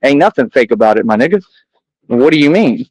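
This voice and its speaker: Male vlogger, mid-pitched, combative and boastful street talk, dry close sound. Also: animated, fairly quick, darkish tone, breathy edge, no room sound, poor audio. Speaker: vlogger addressing critics. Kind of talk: defiant monologue to camera.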